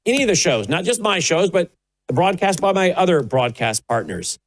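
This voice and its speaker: A man's voice: high voice, sing-song, moderate pace, rough recording. A man hosting a talk broadcast, signing off and chatting playfully to his studio dog. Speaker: host. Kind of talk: broadcast talk show sign-off.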